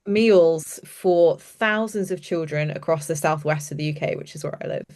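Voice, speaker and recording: A woman's voice: deep voice, moderate pace, a little mellow. A woman, a youth participation practitioner, telling stories chattily and enthusiastically on a video call. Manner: enthusiastic, chatty, trails off and restarts often. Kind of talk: animated storytelling in an online panel.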